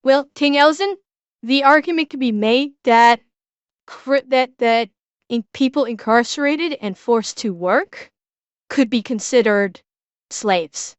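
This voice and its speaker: A woman's voice: a little high, takes it slowly, clean tone, no room sound. A woman streamer reacting to a video in casual live commentary, blunt and swearing freely, often restarting her sentences.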